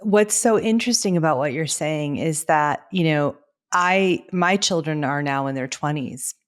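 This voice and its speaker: Low-voiced reflective woman host. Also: unhurried. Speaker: podcast host, doctor. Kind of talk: conversational interview.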